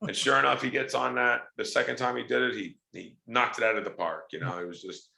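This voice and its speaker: A man's voice: medium pitch, quick pace, creaky, roomy sound. A man, a wrestler and actor, chatting casually in an interview and telling stories with acted-out quotes. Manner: animated storyteller, acts out quoted voices.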